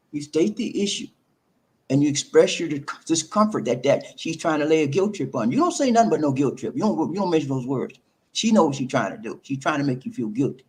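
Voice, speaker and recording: A man's voice: a little high, darkish tone. A man giving relationship advice in an emphatic, preachy monologue, repeating himself and calling listeners "man".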